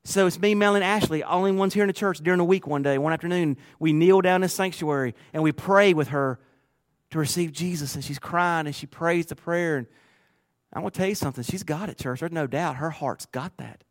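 A man pastor preaching a sermon through personal stories, earnest and emotional, moving from quiet to loud. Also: on the high side, a little fast. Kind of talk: storytelling sermon.

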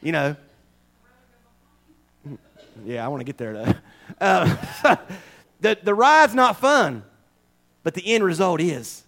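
A man with a drawl delivers a homespun, conversational sermon through a wireless mic. His voice sits a little high for a man. He drifts from low, chatty asides into raised, fervent preaching. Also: sing-song, slow, long pauses. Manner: folksy, swings from quiet asides to raised exhortation. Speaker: pastor. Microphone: wireless microphone.

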